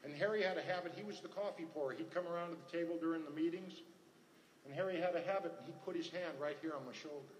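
At a recovery meeting, an older man shares earnest personal testimony, telling stories and repeating his phrases. His voice is fairly high and quick, recorded in an echoey hall with faint ambience and slight background noise.

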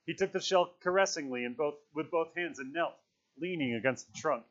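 A man reading a novel aloud to listeners, with measured, expressive storytelling. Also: a little high. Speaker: reader. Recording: dull lo-fi recording.

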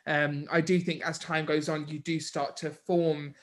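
A young British man with a slightly high voice hosts a relaxed conversation. He encourages his guest and asks easy, open questions. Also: a little slow. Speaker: host. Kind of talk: casual interview chat.

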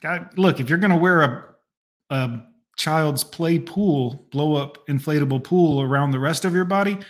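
A man's voice: fairly high pitch, normal speed. A man hosting a reaction video, making sarcastic, mocking asides in casual, profane commentary.

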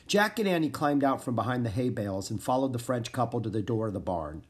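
A man's voice: medium pitch, fast, slightly rough. Male storyteller reading a children's book. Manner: expressive, acts out the characters' lines. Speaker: narrator. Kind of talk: storybook read-aloud.

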